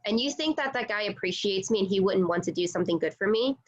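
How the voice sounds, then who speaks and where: A chatty woman, a real estate agent, talks casually on a video call, scattering fillers as she goes. Her voice sits at an ordinary middle pitch. The call audio is dull and lo-fi. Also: animated, quick pace. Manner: chatty, many fillers like "like" and "you know".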